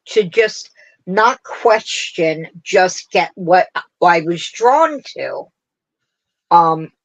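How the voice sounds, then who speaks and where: On a craft livestream, the host chats with her viewers in a rambling, casual way, laughing frequently. She speaks at a medium pitch, and the audio quality is poor.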